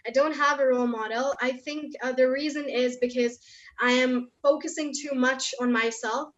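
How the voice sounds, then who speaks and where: A woman's voice: high voice, fairly even intonation, normal speed, fairly bright tone. A young woman from India answering questions candidly in an online session, her voice strained from long talking. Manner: candid, chatty, heavy use of fillers. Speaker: motivational speaker guest. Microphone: video call. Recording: slightly muffled video call audio.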